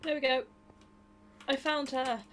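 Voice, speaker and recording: A young woman from Britain co-streaming a game, chatty and quick to laugh. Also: sits high, flat delivery, slight background noise. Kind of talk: casual game stream chat. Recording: faint keyboard clicks behind.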